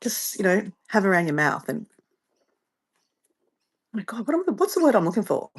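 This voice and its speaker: A woman's voice: medium pitch, sing-song, normal speed, breathy edge. A woman with an Australian accent, from Southeast Queensland, chatting casually while hosting a livestream from her home and rambling off on tangents. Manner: rambling, chatty, easily sidetracked. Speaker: livestream host. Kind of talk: casual live-stream chat.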